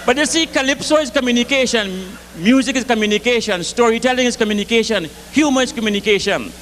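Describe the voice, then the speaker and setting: High-voiced comic storyteller. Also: male voice, fast talker, slight background noise. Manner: animated, rhythmic Caribbean storyteller delivery.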